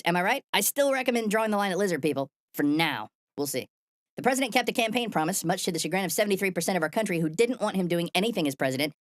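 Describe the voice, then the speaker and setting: Fast-talking sardonic woman hosting satire. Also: lowish voice, no room sound, studio quality. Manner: sardonic, profane and deadpan. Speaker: host. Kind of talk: satirical news commentary.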